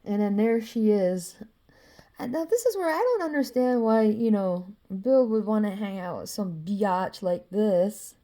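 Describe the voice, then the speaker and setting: A woman's voice: medium pitch, lively intonation, unhurried, warm tone. A woman talking casually about her drawings in a loose, rambling way, swearing freely and dropping in "you know" often. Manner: loose and profane, with frequent "you know" and laughs. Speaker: vlogger showing her drawings.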